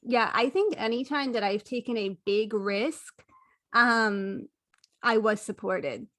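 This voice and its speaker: A woman's voice: fairly high pitch, takes it slowly, bright, forceful tone, dry recording, studio quality. A woman hosting an interview podcast, affirming her guest and reflecting aloud as she works through her thoughts. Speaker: podcast host. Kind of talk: casual interview conversation.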